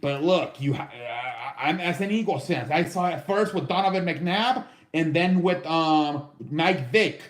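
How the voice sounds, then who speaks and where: A man's voice: on the high side, unhurried, hardly any pauses, reverberant. A man casually ranking football teams on his own show, loose and profane, with lots of fillers. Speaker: sports show host. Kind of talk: casual sports commentary.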